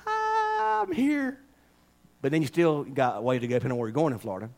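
A man preaching a conversational sermon into a wireless microphone, folksy, dropping to quiet asides and rising to fervent exhortation. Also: medium pitch, very fast. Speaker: pastor.

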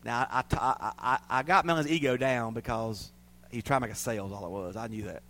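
A man's voice: medium pitch, fast, a bit bright, a little hiss or hum. A male pastor preaching a sermon in a folksy, storytelling way, often laughing at himself.

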